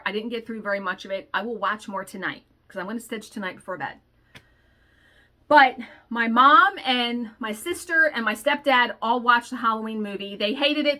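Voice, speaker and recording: Bright-voiced woman telling a blunt story. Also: on the high side. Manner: blunt, profane, exasperated storytelling. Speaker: stitching vlogger. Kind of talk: casual storytelling chat.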